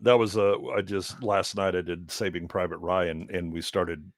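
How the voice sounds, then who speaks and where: A man's voice: sits low, steady tone, moderate pace, no room sound, studio quality. A man chatting casually as a guest, rambling with many restarts and fillers. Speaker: guest co-host. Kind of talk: casual podcast chat.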